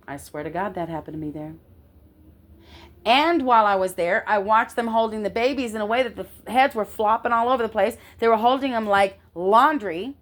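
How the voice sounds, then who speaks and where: A woman's voice: on the high side, fairly quick, a bit bright. A woman telling a personal story in a casual way, emphatic and indignant, swearing now and then and often checking in with her listener.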